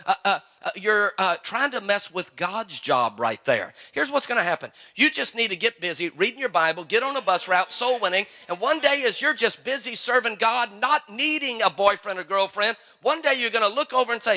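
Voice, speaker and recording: A man's voice: high-pitched, expressive, normal speed, bright, forceful tone. A male pastor preaching a sermon to young people, folksy and full of joking stories.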